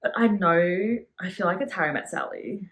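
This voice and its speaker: A woman's voice: fairly low pitch, expressive, moderate pace, crowd noise. A young woman guesting on a podcast, chatting easily with her best friend, agreeable and full of fillers. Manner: easygoing, agreeable, lots of "yeah" and "like". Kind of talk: casual chat. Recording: roomy echo.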